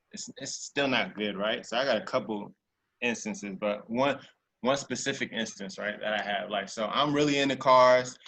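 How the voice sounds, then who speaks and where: Male podcast guest, casual and animated, tense bright tone. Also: medium pitch. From Virginia. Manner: animated storyteller who acts out voices in his anecdotes. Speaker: interview guest. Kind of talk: casual storytelling interview.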